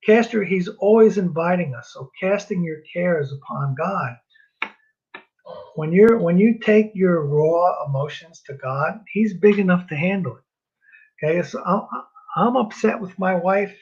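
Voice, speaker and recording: Man from New Jersey, marriage class teacher, raised husky voice, dull lo-fi recording, earnest and rambling. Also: sits high, measured pace. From New Jersey, US East Coast. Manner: earnest, repeats himself, self-deprecating asides. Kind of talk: casual teaching talk.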